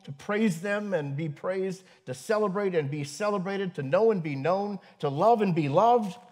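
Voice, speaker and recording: A man who is a pastor, preaching a sermon to his congregation, earnest and building to emphasis, with pauses and fillers. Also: sits high. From northern United States. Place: church congregation.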